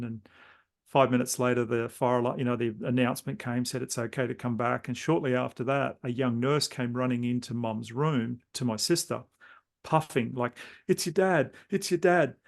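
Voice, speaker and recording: Male host, gravelly voice, meandering reflective chat, conversational interview tone. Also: mid-range voice. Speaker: podcast host.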